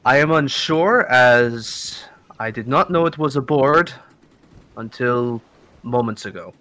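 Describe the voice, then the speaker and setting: A man playing a wary, formal adventurer in a tabletop game, speaking slowly and measured. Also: mid-range voice, expressive, sharp tone. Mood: guarded.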